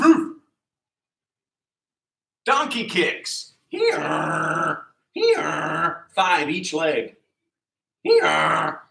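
Upbeat pe coach guy calling out exercises nonstop, bright tense voice, kinda roomy echo. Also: fairly high pitch, gravelly. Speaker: kids' PE coach. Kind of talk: live-streamed exercise class. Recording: echoey room sound.

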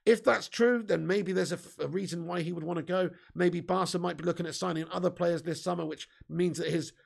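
A man's voice: high-pitched, steady tone, fairly quick, vocal fry. A young man hosting a football fan live stream, chatty and casually swearing while reading out viewer comments. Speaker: football fan channel host.

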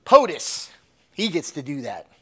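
A man preaching a sermon, animated, swinging between loud emphatic bursts and low asides. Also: measured pace, slightly rough. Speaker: pastor.

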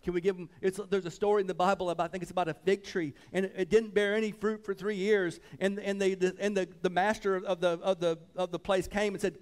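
A man preaching a sermon as pastor, swinging between loud fervent passages and hushed reverent ones, repeating phrases and calling out "come on.". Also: high voice, level tone, fast, hardly any pauses, clean tone.

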